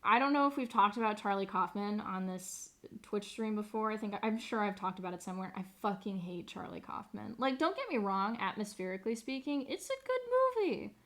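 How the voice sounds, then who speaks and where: A woman's voice: mid-range voice, animated, fairly quick, fairly bright tone. A young woman streamer chatting casually, rambling, sarcastic and swearing freely. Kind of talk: casual live-stream chat.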